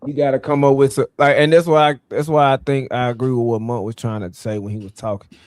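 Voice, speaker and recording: A man's voice: medium pitch, fairly even intonation, quick pace. A man as a guest in a casual conversation, talking loosely and trailing off while he searches for the right words.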